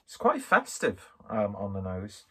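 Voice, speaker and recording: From Skelmersdale in northwest England, this man rambles through a casual beer review, joking and poking fun at himself. His fairly low voice swings hugely in pitch, with an unhurried pace and a fairly bright, slightly rough tone.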